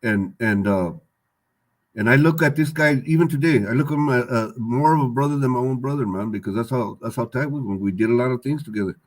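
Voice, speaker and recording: A man's voice: medium pitch, brisk. An older man, a guest on an interview show, telling his story candidly in streetwise slang, repeating himself and swearing freely. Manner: rambling, repeats words and phrases, swears freely.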